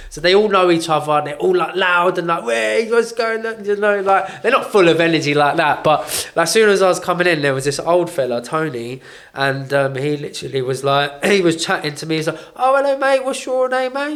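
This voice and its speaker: A young man, a podcast co-host, telling a story in casual chat, full of "like" and acting out what others said. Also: on the high side. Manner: animated, heavy on fillers, acts out what others said. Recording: roomy echo.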